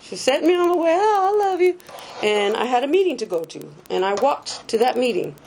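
A woman's voice: a little high, animated, fairly quick, creaky, a little mellow, slight background noise. A woman giving a personal recovery testimony in a candid, casual, self-mocking way, laughing often and swearing freely. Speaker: speaker sharing a recovery story.

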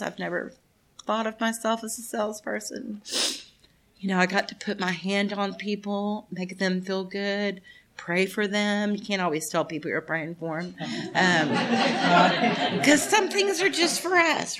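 Woman, 50s, candid testimony at a recovery meeting, blunt, swears, laughs easily, talks straight to the room, mid-pitched voice. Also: a bit bright. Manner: addresses the room directly. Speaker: speaker sharing at a recovery meeting. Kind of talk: personal testimony to a group.

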